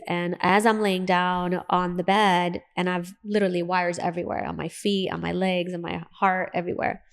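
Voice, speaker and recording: A woman in her forties, a dentist, telling a personal story in an interview and acting out the dialogue as she goes. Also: fairly low pitch. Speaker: guest, dentist.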